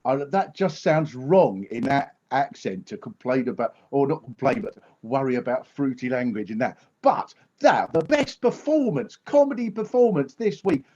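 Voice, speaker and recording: A man doing a comic monologue as a stand-up comedian, lively and full of mimicry. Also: medium pitch, normal speed, hardly any pauses. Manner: lively, mimics others' voices. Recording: dull lo-fi stream audio.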